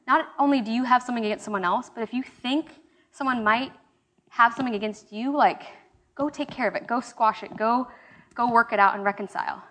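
With a fairly high pitch and fairly bright tone, a young woman delivers a conversational Bible study talk to a small group. It's casual sermon teaching, with fillers and restarts.

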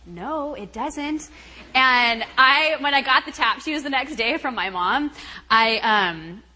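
A woman's voice: on the high side, sharp tone, poor audio. A middle-aged woman giving a chatty, laughing retreat talk, acting out the voices of others as she tells a story. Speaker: guest speaker at a retreat.

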